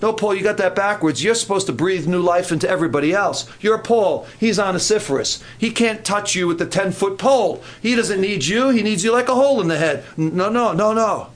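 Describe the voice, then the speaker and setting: An older man giving a sermon at a youth camp, animated and joking, with quoted asides. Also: high-pitched, a little fast, hardly any pauses. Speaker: camp speaker.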